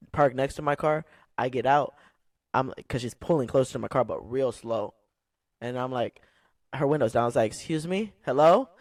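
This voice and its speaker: Man, podcast co-host, casual storytelling, checks in with listeners often, mid pitch, dry close sound. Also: a little mellow, dry recording. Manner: rambling storyteller, keeps asking "right?". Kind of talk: casual chat.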